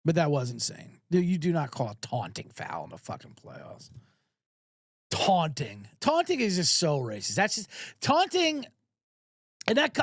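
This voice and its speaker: A man hosting a sports betting podcast, talking casually in an animated, profane, rambling way. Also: sits high, no room sound, studio quality.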